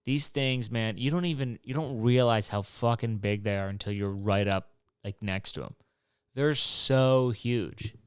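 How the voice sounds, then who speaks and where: A man's voice: medium pitch, measured pace, smooth, no room sound, clean studio sound. A young man hosting his own show, rambling casually and swearing, mocking himself as he goes. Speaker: podcast host. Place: New York City apartment.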